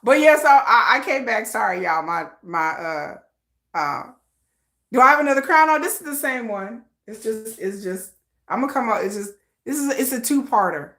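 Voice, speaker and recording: A woman hosting a casual livestream from home, telling a story in animated, slangy talk and acting out the voices of other people. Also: on the high side, normal speed. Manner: animated, slangy, acts out quoted voices with laughs. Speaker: livestream host.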